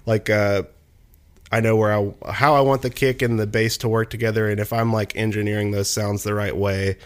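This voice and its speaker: Young man, low-pitched, casual rambling chat, fillers and restarts. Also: level tone, normal speed. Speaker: musician and producer guest. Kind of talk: casual conversation.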